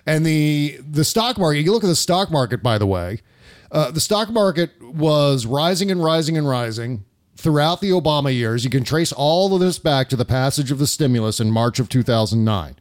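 A man's voice: fairly high pitch, animated, normal speed. A man hosting a podcast, giving heated, profane political commentary in a casual tone, often breaking off and restarting his sentences. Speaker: podcast host.

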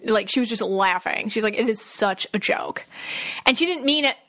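Bright-voiced chatty woman podcaster. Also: mid-range voice, moderate pace. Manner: chatty, lots of fillers and quoted asides. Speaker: podcast host, psychic medium. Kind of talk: casual solo podcast talk.

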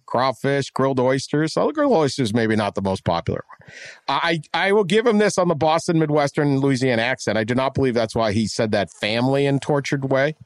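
Talking a little fast at a medium pitch, a co-host from West Virginia rambles through a casual sports talk show, animated and often self-correcting. The sound is clean studio audio with no echo.

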